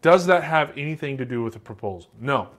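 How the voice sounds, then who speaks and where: A man's voice: medium pitch, expressive, brisk. American man teaching in a casual way. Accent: Southern American. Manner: casual, joking, acts out example answers. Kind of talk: classroom lecture.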